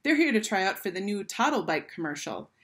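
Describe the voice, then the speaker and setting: A woman's voice: mid-range voice, big pitch swings, brisk, a bit bright. A woman reading aloud, voicing a polite, helpful young female receptionist.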